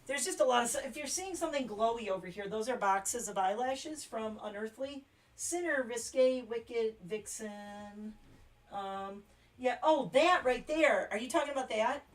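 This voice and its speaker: A woman's voice: on the high side, expressive, unhurried. A woman from the United States hosting a casual late-night livestream chat. She talks in a chatty way, laughs often and reads short practice phrases aloud. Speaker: livestream host.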